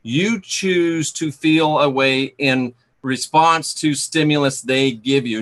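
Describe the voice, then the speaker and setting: A man's voice: mid-range voice, slow, fairly bright tone. A man hosting an interview, affirming his guest and asking probing questions. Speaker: host. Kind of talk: conversational interview.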